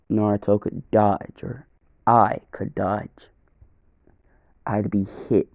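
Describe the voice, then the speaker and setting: A man's voice: on the low side, dry recording, dull audio. A young man narrating an improvised first-person fan story, rambling, correcting himself and swearing casually.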